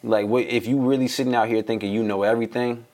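A man's voice: mid-range voice, fairly even intonation, fast, darkish tone. A man co-hosting a podcast in casual chat, talking in emphatic, laid-back slang. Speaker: podcast co-host.

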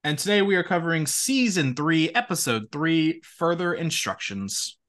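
A young man co-hosting a podcast, telling stories in a lively, laughing way. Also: a little high, moderate pace. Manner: animated, laughing, quotes friends in voices. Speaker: podcast co-host. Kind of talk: casual chat, storytelling.

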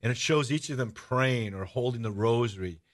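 A man hosting a radio-style podcast, telling stories in a casual, animated way. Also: medium pitch, normal speed. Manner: storytelling, animated, shouts out rallying cries. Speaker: podcast host. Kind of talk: casual radio-show chat.

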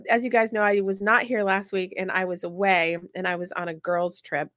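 A woman hosting a casual talk show, chatting and telling travel stories in an animated way. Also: mid-range voice, brisk, no echo. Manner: chatty, animated storytelling with frequent laughs. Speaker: podcast host. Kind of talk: casual chat.

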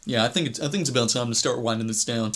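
A man's voice: mid-range voice, rapid-fire, a bit bright, soft background music. A young man hosting a podcast in casual, playful chat, telling stories and laughing often. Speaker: podcast host.

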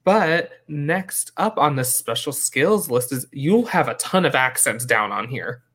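A man's voice: mid-range voice, unhurried, slightly rough. A man hosting a podcast, casually reading interview questions from a list. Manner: relaxed, reads questions from a list. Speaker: podcast host.

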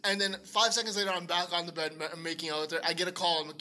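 A young man with a high, very bright voice rattles through a story at speed. His delivery is animated, loose and full of swearing and laughter. Faint room ambience sits behind him. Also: fast talker, a little hiss or hum. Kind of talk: casual storytelling chat.

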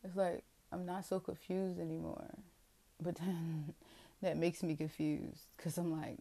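Woman vlogger, low flat delivery, rambling and profane confessional. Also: unhurried. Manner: rambling, profane, self-questioning. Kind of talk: candid confessional monologue.

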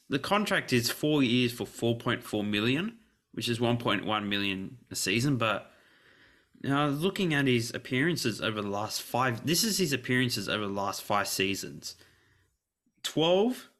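A man's voice: medium pitch, very animated, measured pace, a bit bright. A man who is a guest on a sports podcast, chatting casually, reading out contract figures, and laughing easily.

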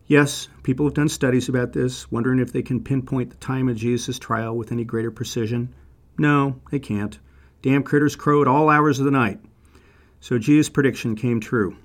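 A man telling a Bible story sermon-style in a wry, conversational way with dry asides, lifting his voice for quoted lines. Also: mid-range voice.

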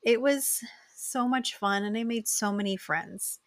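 A woman's voice: fairly high pitch, unhurried, dry recording. A woman in her thirties hosting a podcast, chatting enthusiastically to her listeners about a trip. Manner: chatty and enthusiastic, addresses listeners as "you guys". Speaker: podcast host. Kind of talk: casual solo podcast recap.

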